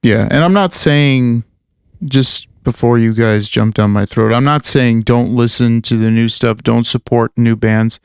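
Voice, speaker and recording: A man co-hosting a podcast talks in a loose, rambling way, full of fillers and cursing. His voice has a gravelly edge but stays smooth and clear. The sound is dry and close. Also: mid-range voice, steady tone, measured pace, dry recording. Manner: rambling, swears a lot, many fillers. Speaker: podcast co-host and metal musician. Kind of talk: casual chat.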